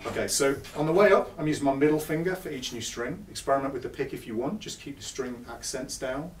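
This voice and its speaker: A man with a medium-pitched voice talks quickly while giving a chatty, self-deprecating live guitar lesson to an audience in a music store. The echoey shop is recorded from a distance, and guitar playing fills the gaps between his phrases.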